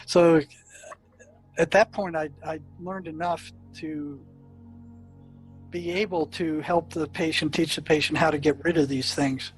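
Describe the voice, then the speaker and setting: A man's voice: fairly high pitch, fairly even intonation, a little slow, long pauses, low-quality recording. Older man recounting stories, faint music behind. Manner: anecdotal, many fillers and restarts. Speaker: psychiatrist telling his experiences. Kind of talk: storytelling in an interview.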